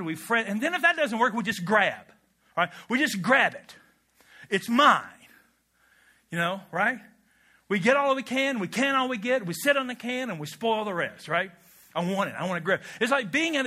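A male pastor delivers a sermon in a church sanctuary. His voice sits high and sounds bright, and he keeps things animated and humorous, throwing questions out to the congregation.

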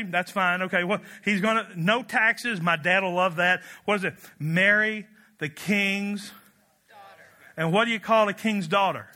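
A man preaching a storytelling sermon in an animated, joking way, swinging up to excited shouts. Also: high-pitched, normal speed.

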